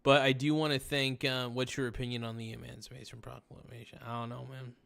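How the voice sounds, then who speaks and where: A man's voice: mid-range voice, little pitch movement, a little fast, creaky, a bit bright. A man hosting a casual livestream talk show, reading viewer messages aloud in a tired, rambling, laid-back way. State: tired, yawning. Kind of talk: casual late-night stream chat reading viewer messages.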